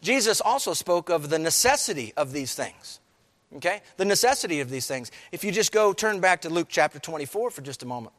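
A man preaching in a church, his voice pitched high for a man and carried by a long hall reverb. He moves from hushed, low lines up to raised, emphatic ones as he speaks to the congregation. It has the sound of a live sermon. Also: sing-song, fairly quick. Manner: preaching, rising and falling with emphasis, addresses the congregation. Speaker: pastor.

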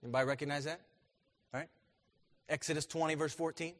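Bright-voiced man preaching with rising emphasis. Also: fairly high pitch, fairly even intonation, fast. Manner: rises to loud emphatic peaks, asks the congregation questions. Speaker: pastor. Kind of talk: sermon.

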